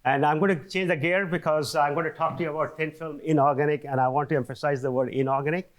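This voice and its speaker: A man's voice: fairly high pitch, steady tone, fast talker. Lecturing man who keeps checking in. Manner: conversational, frequent "okay?" check-ins with restarts. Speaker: seminar speaker. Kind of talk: academic lecture. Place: lecture hall.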